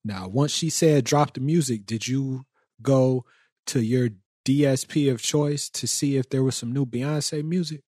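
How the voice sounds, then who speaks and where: A man's voice: medium pitch, a little slow, darkish tone, dry recording, clean studio sound. A man hosting a podcast in casual chat, teasing his co-hosts with lots of slang. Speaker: podcast host.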